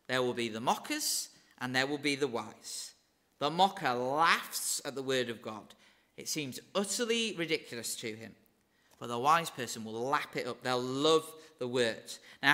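A man's voice: medium pitch, sharp tone. A man with a Northern English accent preaching a sermon in an earnest, conversational way, with wry asides.

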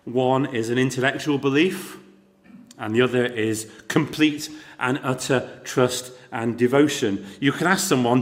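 A middle-aged man preaching a sermon, telling the story dramatically, with rhetorical questions to the congregation and shifts between loud emphasis and quiet intensity. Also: mid-range voice, steady tone, measured pace.

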